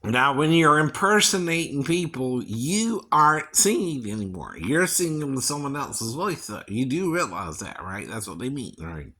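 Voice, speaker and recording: A man's voice: medium pitch, big pitch swings, moderate pace, few pauses, sharp tone, breathy edge. A man vlogging in a rambling casual monologue, chuckling often and ending lines with a questioning tag. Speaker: vlogger and singing impersonator.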